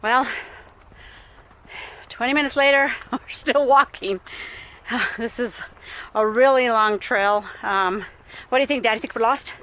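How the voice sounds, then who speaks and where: A woman's voice: on the high side, unhurried, pauses often, pushed and bright, low-quality recording. A young woman vlogging a family walk on an outdoor trail, chatty and laughing, a bit out of breath. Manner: chatty, laughing often, cooing at her toddler. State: out of breath from walking. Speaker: vlogger mom. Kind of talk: casual family vlog narration.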